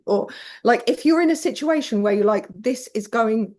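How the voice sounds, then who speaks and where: A woman's voice: fairly high pitch, animated, normal speed, warm tone. A British woman guest telling parenting stories frankly, swearing casually and acting out quoted voices. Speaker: podcast guest. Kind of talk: candid conversational storytelling.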